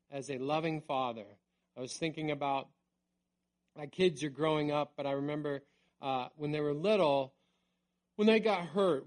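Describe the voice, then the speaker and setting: A middle-aged man preaching a sermon in a conversational way, dropping to a near hush on key words. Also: a little high. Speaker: pastor.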